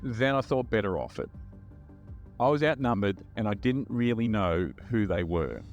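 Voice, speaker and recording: Man, podcast storyteller, plain-spoken, wry, lowish voice, soft music underneath. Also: animated, moderate pace. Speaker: podcast host and former undercover officer. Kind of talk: first-person true-crime storytelling.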